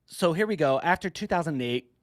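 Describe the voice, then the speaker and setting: A man's voice: on the high side, animated, fairly quick, no room sound, studio quality. A man hosting a podcast, talking in an upbeat, chummy way and calling his guest man and bro. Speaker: podcast host. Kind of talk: casual interview.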